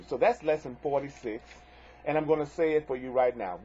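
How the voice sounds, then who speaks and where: A man's voice: mid-range voice, fast, mellow, breathy edge, highs cut off. A man teaching a spiritual lesson on video, earnestly reading and repeating affirmations with folksy asides.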